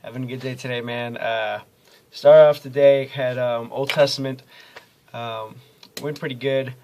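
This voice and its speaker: A man's voice: medium pitch, steady tone, measured pace, darkish tone, a little hiss or hum. A young man telling a casual daily video diary, rambling and easygoing, with lots of ums and uhs. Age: young adult. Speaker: college student vlogger.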